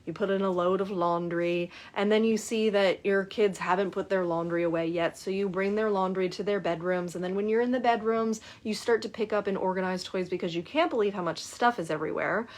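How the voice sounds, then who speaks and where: A woman's voice: mid-range voice, fairly quick, few pauses. Storytelling woman coach. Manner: storytelling, acts out client dialogue with lively shifts. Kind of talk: casual talk to camera.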